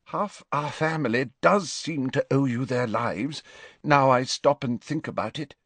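A man's voice: medium pitch, sing-song, a little slow, dry recording. A man reading aloud and voicing a middle-aged father who speaks in a constricted, emotional voice. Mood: moved.

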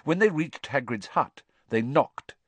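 A man narrating an audiobook with expressive storytelling, voicing every character himself. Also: medium pitch, a little slow, slightly rough, no room sound.

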